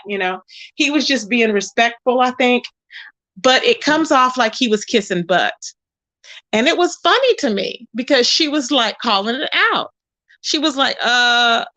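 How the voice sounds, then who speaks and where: A woman's voice: a little high, pushed and bright. A woman hosting a casual livestream, chatting sassily about online drama and greeting viewers in the chat by name. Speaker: livestream host. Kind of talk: casual gossip commentary.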